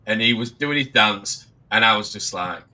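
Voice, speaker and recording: A man's voice: on the low side, animated, normal speed, pushed and bright, poor audio. A British man hosting a casual online panel chat, talking loosely and choosing his words with care. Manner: chatty, careful with his words. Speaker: livestream host.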